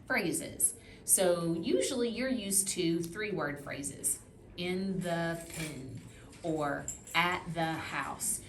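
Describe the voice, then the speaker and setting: A woman reading teacher giving a patient, encouraging one-on-one phonics lesson, modeling words slowly for a student. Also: lowish voice, a bit bright. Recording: roomy with background noise.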